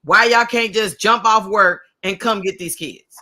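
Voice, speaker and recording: Female podcast guest, brand coach, casual banter, sharp bright tone. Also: medium pitch, a little slow. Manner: laughing, incredulous banter. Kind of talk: casual chat.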